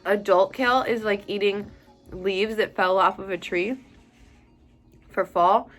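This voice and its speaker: A young adult woman vlogger chatting casually as she answers viewer questions, blunt and animated, with plenty of "um" and "like" fillers. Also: medium pitch, a little slow, soft background music. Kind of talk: casual chat.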